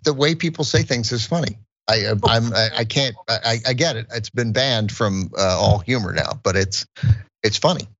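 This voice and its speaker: A man co-hosting a podcast in casual chat, talking in halting bursts with many restarts and chuckling asides. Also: medium pitch, fairly bright tone, highs cut off. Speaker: podcast co-host.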